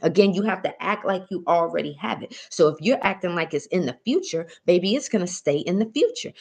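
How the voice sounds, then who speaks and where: A woman's voice: fairly low pitch, expressive, a little fast, vocal fry, hardly any pauses, darkish tone, husky. A woman coaching a mindset lesson on a live stream, often checking in with "right?" and "okay?" and calling listeners "baby.". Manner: coaxing, calls listeners "baby". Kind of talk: motivational teaching talk.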